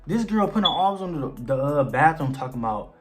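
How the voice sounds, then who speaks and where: A young man telling a personal story on his vlog in casual slang. He is animated and acts out the dialogue. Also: on the high side, a little fast, soft background music. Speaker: vlogger.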